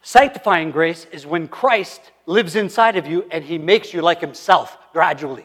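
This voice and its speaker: A man delivers a sermon in a fairly high voice. He moves from punchy, emphatic declarations to quiet, hushed asides. His voice rings out with a long reverb in a church sanctuary. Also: moderate pace, few pauses. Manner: animated preaching, swinging from loud emphasis to hushed asides. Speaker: pastor.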